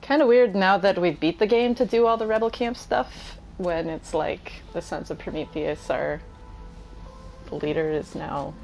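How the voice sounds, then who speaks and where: Low, gravelly young woman streamer. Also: measured pace, a little mellow, soft background music, rough recording. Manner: rambling, filler-heavy, self-deprecating. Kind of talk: casual gameplay chat.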